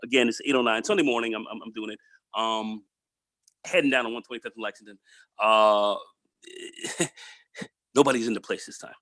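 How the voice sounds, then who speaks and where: A man hosting a podcast who tells a story in a casual, animated way, repeating words and acting out the dialogue. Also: mid-range voice, a little fast, pauses often, dry recording. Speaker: podcast host.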